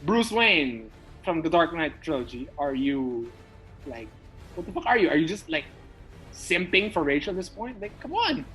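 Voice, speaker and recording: A man's voice: fairly high pitch, sing-song, moderate pace, bright, forceful tone, soft background music, rough recording. Stammering, swearing man ranting about movies. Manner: rambling, stammering restarts, swearing for emphasis. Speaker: podcast co-host. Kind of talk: casual movie chat.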